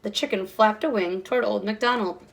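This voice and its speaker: A kindergarten teacher reading a picture book aloud, with expressive storytime delivery and voices for the characters. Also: female voice, mid-range voice, brisk, creaky.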